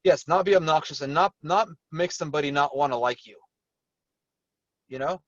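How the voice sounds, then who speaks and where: A man's voice: on the high side, moderate pace, fairly bright tone, no room sound, far from the mic, lo-fi sound. A man working as a real estate agent, talking candidly on a video call panel, rambling with many restarts.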